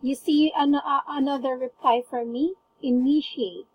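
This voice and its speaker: Woman English tutor, high voice, unhurried, warmly encouraging. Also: steady tone, muffled recording. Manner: patient, encouraging, frequent praise. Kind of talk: one-on-one online English lesson.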